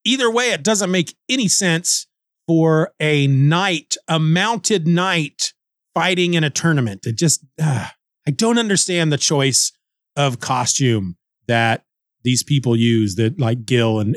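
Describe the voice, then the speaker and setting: A man hosts a casual comic book review, rambling and cracking jokes as he thinks aloud. His voice sits a little high. The recording is dry and close, with no room sound. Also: animated, unhurried, dry recording. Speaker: podcast host.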